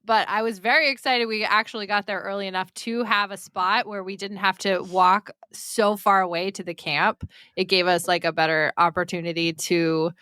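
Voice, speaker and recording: A woman's voice: medium pitch, steady tone, moderate pace, hardly any pauses, sharp tone, clear, resonant tone, no room sound, clean studio sound. A woman co-hosting a running podcast, chatting casually, laughing often. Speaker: podcast co-host. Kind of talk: casual chat.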